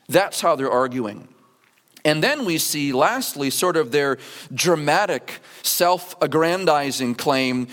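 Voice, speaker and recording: Animated preaching man in a reverberant church. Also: a little high, moderate pace. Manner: animated preaching, acting out the workers' voices. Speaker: pastor. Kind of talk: sermon. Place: church sanctuary.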